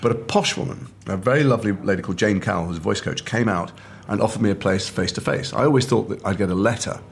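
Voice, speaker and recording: Brief: middle-aged male actor from the north of England, low and quick, lively storyteller at a restaurant table, faint room ambience behind. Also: creaky, a little hiss or hum. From north of England, Liverpool. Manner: animated storyteller who acts out quoted voices. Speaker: actor and guest. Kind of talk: casual chat over a meal.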